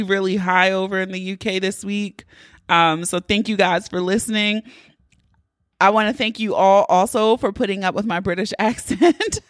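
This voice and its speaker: A woman's voice: medium pitch, a bit bright, no echo, clean studio sound. A woman hosting her podcast, talking casually and candidly, with plenty of cursing. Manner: candid, profane, chatty. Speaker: podcast host. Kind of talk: casual solo podcast intro.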